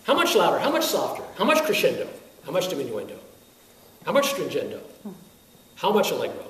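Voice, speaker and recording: At a teaching workshop, a man who conducts a wind band addresses music teachers in a slightly high, slightly fast voice. His delivery is lively, full of rhetorical questions and frequent chuckles. The lecture room sounds echoey, he's picked up from afar, and there's a faint hiss.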